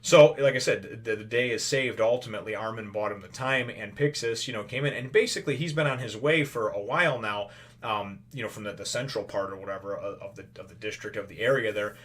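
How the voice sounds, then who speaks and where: A man's voice: on the low side, fairly quick, fairly bright tone. Rambling man chatting through a review. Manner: rambling, conversational, full of "you know" and "right?"; addresses viewers as brothers and sisters. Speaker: anime episode reviewer, channel host. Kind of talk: casual spoken review.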